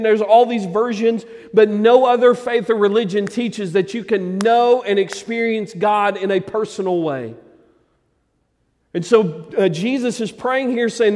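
Guy preaching, high voice, swings loud then goes real quiet, big echoey church. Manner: emphatic preaching with sudden drops to a hushed tone. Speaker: pastor. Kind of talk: sermon. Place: church sanctuary.

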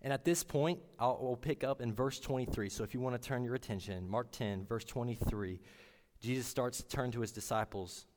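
A man giving a sermon in an earnest, halting way, often restarting his words. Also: mid-range voice, a little mellow, in a large hall. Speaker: preacher.

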